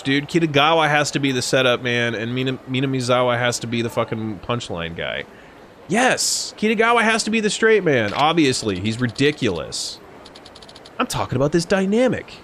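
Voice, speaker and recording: A man's voice: mid-range voice, sing-song, moderate pace, fairly bright tone, slight background noise. A man streaming a video game live, rambling in casual, profane, joking commentary. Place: home streaming setup. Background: faint game music.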